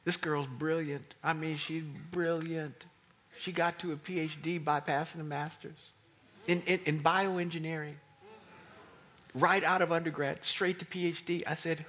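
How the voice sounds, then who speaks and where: A man delivers a sermon as a pastor, weaving a personal story into his message. His tone is bright and forceful. He drops to near-whispers for solemn moments, then rises to loud, excited bursts. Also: on the high side, measured pace, slight background noise. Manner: storytelling preacher, swings from hushed whispers to loud exclamations.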